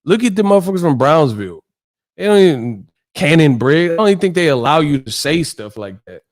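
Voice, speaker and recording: A man hosting a boxing live stream, mocking and animated, with profane commentary. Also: on the high side, a little fast.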